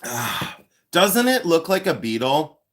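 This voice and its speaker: A jewelry-collecting man in his fifties hosts a laid-back livestream, speaking slowly in a fairly high, very animated voice. He rambles, jokes, and addresses viewers by name.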